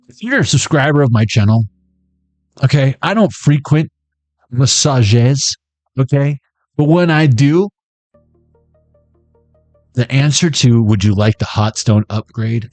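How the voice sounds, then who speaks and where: A man's voice: mid-range voice, darkish tone, dry recording. Profane, joking male tarot reader. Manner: profane, joking, rambling, laughs at own jokes. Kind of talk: casual tarot reading vlog.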